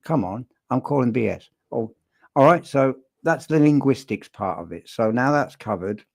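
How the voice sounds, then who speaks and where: A man's voice: medium pitch, lively intonation, normal speed, creaky. A man giving casual, blunt and sardonic commentary that breaks down a recorded interview, often restarting his sentences. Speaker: statement analysis commentator.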